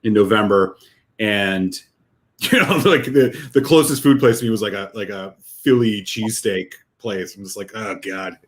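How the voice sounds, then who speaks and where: A man talking in a relaxed, easygoing way as a guest on a casual chat, laughing often and using lots of fillers. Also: on the low side, normal speed. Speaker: guest whisky reviewer.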